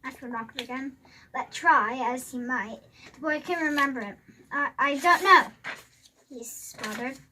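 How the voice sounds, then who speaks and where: A young reader taking turns reading a storybook aloud, chatty and quick to join in. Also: female voice, high voice, bright, forceful tone, slight background noise. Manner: chatty, quick, joins in and echoes lines. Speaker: listener who also reads aloud.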